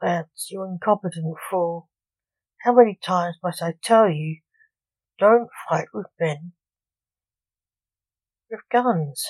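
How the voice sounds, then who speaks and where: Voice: mid-range voice, slow pace, long pauses, no room sound, low-quality recording. A woman voicing an irritable older male stage magician who scolds his son. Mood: scolding.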